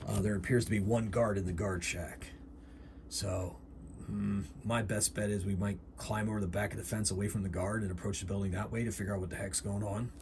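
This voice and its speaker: A man voicing Xander, an easygoing male survivalist hunter in a solo tabletop game, speaking in a relaxed drawl. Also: lowish voice, fairly quick, vocal fry, background noise. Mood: laconic.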